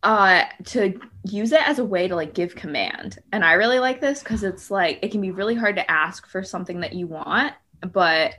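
A woman guest, a comedian, telling animated stories on a podcast and laughing often. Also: mid-range voice, moderate pace, few pauses. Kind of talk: casual chat.

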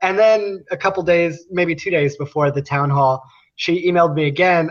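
A young man speaks as a guest, telling his story earnestly and breaking into laughs. His voice is a little high. It comes through a dull, lo-fi remote line. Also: normal speed. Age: young adult. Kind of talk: casual interview. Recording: muffled lo-fi line.

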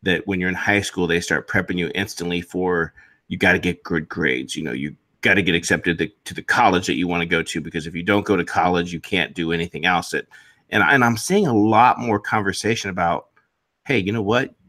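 A man's voice: low-pitched, a little fast, sharp tone. A man in his forties co-hosting a podcast in an easygoing way, laughing often and using folksy phrases. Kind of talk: casual political chat.

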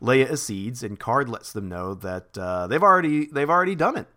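Man podcast co-host, animated chat, bright tone, rambling recap. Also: medium pitch, normal speed. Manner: lively, laughing, rambling recap. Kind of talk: casual chat and chapter recap.

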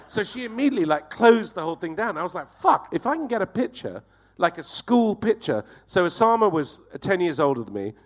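A man telling a profane, animated comic anecdote as a guest on a talk show, acting out the voices in his story. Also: on the high side.

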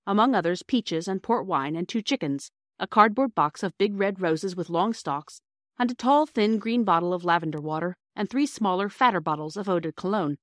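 A woman narrating a classic children's story as a podcast host, in a clear, steady reading voice. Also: mid-range voice, no room sound, clean studio sound.

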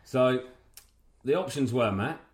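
A man's voice: mid-range voice, slow pace, roomy sound. A man and father co-hosting a casual chat, bantering and swearing casually. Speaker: podcast co-host.

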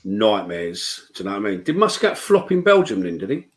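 A man's voice: fairly low pitch, sing-song, fairly quick, a little hiss or hum, low-quality recording. A man co-hosting a casual football chat show, blunt and sweary. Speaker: podcast co-host.

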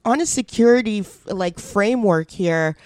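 A woman's voice: medium pitch, expressive, moderate pace, a little mellow. A woman co-hosting a podcast, talking in heated, indignant casual chat and swearing freely. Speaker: podcast co-host.

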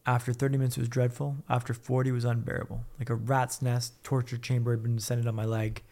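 A man's voice: mid-range voice, little pitch movement, quick pace, a little mellow. A man telling his own story as a podcast guest, blunt and upbeat, swearing freely. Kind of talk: casual candid storytelling.

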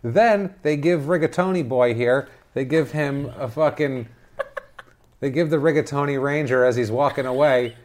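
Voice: mid-range voice, unhurried, a little mellow. A co-host of a casual podcast, sarcastically ranting about a movie's silly plot and swearing now and then. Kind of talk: casual movie recap chat.

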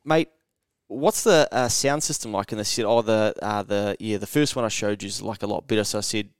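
A New Zealand man telling a long anecdote on a podcast, cursing casually and jumping into character voices for the people he quotes. His voice is smooth and clear, recorded close on a dry mic. The delivery is loose and chatty. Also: lowish voice, a little fast, no room sound. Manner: swears freely, acts out quotes with animated voice jumps. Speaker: podcast co-host. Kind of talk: casual storytelling chat.

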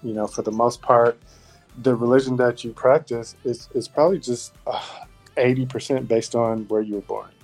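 A man appears as a podcast guest, talking loosely and rambling in casual conversation, scattering "you know" and "like" throughout. His voice is medium-pitched, steady, and a little mellow, moving at a normal speed over soft background music.

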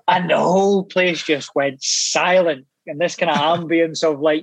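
Scottish guy in his 30s spinning wild stories, a bit higher voice, sweary and laughing, dead dry sound. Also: takes it slowly, creaky, breathy edge, no room sound, poor audio. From Scotland. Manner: animated anecdotes, sweary, laughing asides. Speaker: guest actor. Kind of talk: casual storytelling chat.

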